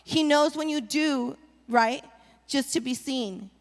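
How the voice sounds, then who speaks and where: A woman's voice: high voice, slow. A woman preaching a sermon as the pastor's wife, rallying the congregation with call-and-response. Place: church sanctuary. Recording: long reverb of a large hall.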